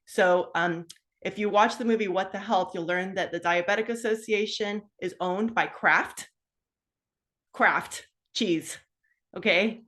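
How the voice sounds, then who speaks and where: A woman's voice: medium pitch, measured pace. A woman in her fifties telling her own health story in a casual, chatty way, full of asides and fillers. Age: 50s. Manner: animated, acts out her own past dialogue. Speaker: guest sharing a health story.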